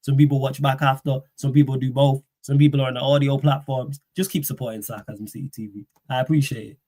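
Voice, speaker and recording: A man, hosting a football livestream, talking in a slangy, animated way and firing off rhetorical questions. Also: medium pitch, fast talker. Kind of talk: casual live-stream rant.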